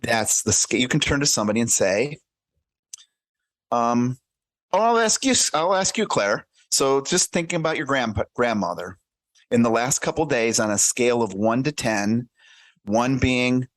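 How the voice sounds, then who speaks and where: A man speaking as a coach in a casual podcast interview, animated and acting out little dialogues, with many restarts and repeated words. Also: mid-range voice, normal speed, dry recording. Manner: animated, acts out little dialogues in shifting voices. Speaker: career and life coach guest.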